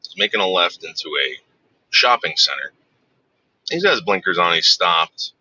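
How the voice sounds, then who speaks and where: A man's voice: deep voice, animated, normal speed, sharp tone, breathy edge, no echo. A man telling casual, profane stories in a rambling way that keeps doubling back on itself. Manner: profane, rambling, self-interrupting. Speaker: storyteller. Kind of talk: casual anecdote. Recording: dull lo-fi dry recording.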